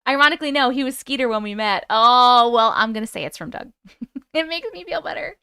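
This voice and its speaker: A young woman chats casually on a live stream, reacting to comments and laughing often. Her voice sits a little high and comes across bright and smooth. The sound is dry and close. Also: animated, fairly quick, no room sound. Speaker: YouTube live host.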